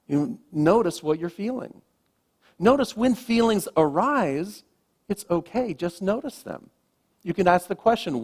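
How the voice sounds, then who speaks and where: A man, a minister, giving a gentle, reflective sermon with slow, emphatic pauses, speaking to a congregation in a church. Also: a little high, gravelly. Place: church sanctuary.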